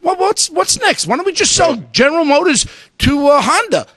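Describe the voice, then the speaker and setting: A man holding forth as a guest on a talk radio show, loud and outraged, hollering his points at the studio microphone. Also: extremely high pitch, very animated, normal speed, no room sound. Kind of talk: ranting talk radio commentary.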